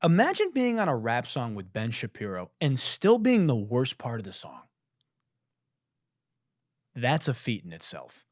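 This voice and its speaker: Sarcastic, animated male podcast host. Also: mid-range voice, unhurried, long pauses, no room sound, clean studio sound. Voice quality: musician. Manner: sarcastic, swearing, animated mockery. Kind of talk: comedic commentary.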